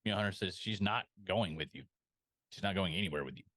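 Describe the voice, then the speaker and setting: A man's voice: deep voice, fast talker, a bit bright. A man co-hosting a podcast, talking casually about an episode with many ums and restarts. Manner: hesitant, lots of ums and restarts. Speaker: podcast co-host.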